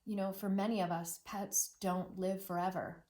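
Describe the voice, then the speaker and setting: A middle-aged woman teacher reading a children's novel aloud as a lesson. She talks expressively, repeats words in rhythm and drops to a hushed near-whisper at sad moments. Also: medium pitch, level tone, normal speed.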